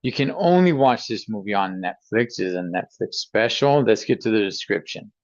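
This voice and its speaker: A man's voice: fairly low pitch, animated, moderate pace, a little mellow, dry recording. Man, casual chatty reviewer, dry close sound, slightly dull lo-fi audio. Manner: loose and chatty, many fillers and restarts, laughs now and then. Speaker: movie reviewer.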